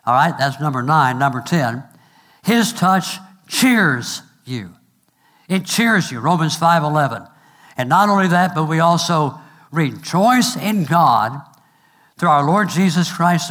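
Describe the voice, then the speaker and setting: A middle-aged male pastor preaching a sermon, asking "amen?" and slowing down to stress each point. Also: a little high, a bit bright. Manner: preaching with call-and-response and numbered points; slows to stress phrases, quick asides.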